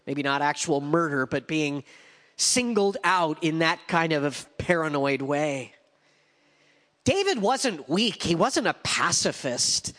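A male pastor delivers a sermon in a conversational way, slipping in wry asides. His voice sits fairly high for a man. The recording has a long reverb from a large hall. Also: expressive, slow pace, a bit bright.

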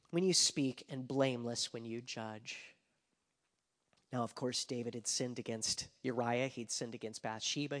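A pastor preaching a sermon with passion, rising to loud emphasis and dropping to hushed whispers. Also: male voice, mid-range voice, steady tone, moderate pace. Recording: long hall reverb.

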